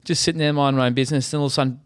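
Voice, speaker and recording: A man with an Australian accent, co-hosting a podcast and telling stories in a casual, animated way, with plenty of swearing. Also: medium pitch, very fast, noisy background. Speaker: podcast co-host. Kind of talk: casual storytelling chat.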